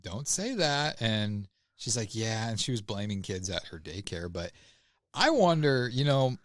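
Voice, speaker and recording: Low-voiced man, halting podcast chat. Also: lively intonation, dry recording, clean studio sound. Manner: hesitant, with many fillers and restarts. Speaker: podcast co-host. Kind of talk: casual chat.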